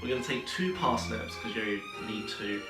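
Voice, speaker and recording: A man hosting a comic cooking video, talking loudly and excitedly as a playful showman. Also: fairly low pitch, moderate pace. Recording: roomy echo, distant mic, music behind.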